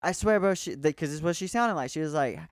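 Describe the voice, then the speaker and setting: A man's voice: fairly high pitch, animated, quick pace, dry recording, clean studio sound. A young man telling a loose, profane story in casual chat, saying "bro" all the time.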